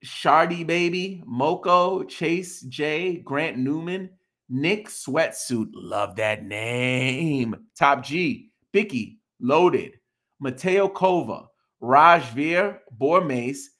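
A man hosting a podcast stream, reading out viewer names one by one with quick reactions. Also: fairly high pitch, lively intonation, fairly bright tone. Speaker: podcast host. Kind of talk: live stream shout-outs to chat.

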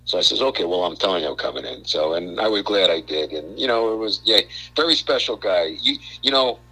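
An older man from Brooklyn, a guest on a radio talk show, telling animated stories and stumbling over repeated words. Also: low voice, fairly quick, slightly rough, rough recording. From Brooklyn, New York. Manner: animated storyteller, repeats words, acts out quotes. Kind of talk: casual radio chat.

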